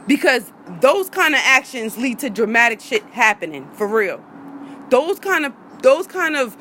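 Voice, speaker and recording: Against a noisy background, a woman vlogger streams live on her phone outside, her fairly high voice sing-song and a little slow. Her rant is impassioned and profane, and she hammers her points through repetition.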